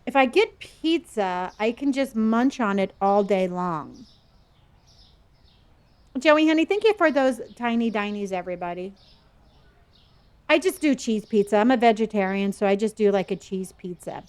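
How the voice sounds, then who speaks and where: A woman's voice: medium pitch, lively intonation, moderate pace, smooth. A middle-aged woman streaming a game, chatting playfully with viewers and answering their chat messages.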